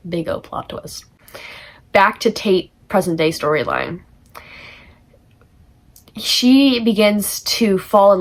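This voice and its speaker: A woman's voice: fairly low pitch, a bit bright. A teenage girl giving a casual, chatty book summary for a class project, full of fillers and laughter. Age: teens. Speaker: student.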